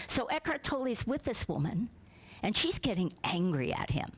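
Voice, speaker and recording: A middle-aged woman minister giving a conversational sermon, asking her congregation questions and sometimes dropping to a soft near-whisper. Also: mid-range voice, big pitch swings, normal speed.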